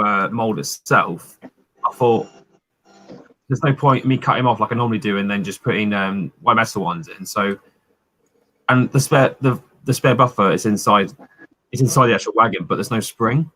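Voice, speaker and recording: Male co-host, slightly low and bright, halting casual talker. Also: poor audio. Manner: halting, repeats words with fillers. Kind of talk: casual live-stream chat.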